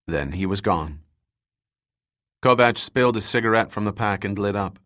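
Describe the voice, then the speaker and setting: A man reading an audiobook in measured scripted narration. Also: fairly low pitch, fairly bright tone, no echo, clean studio sound.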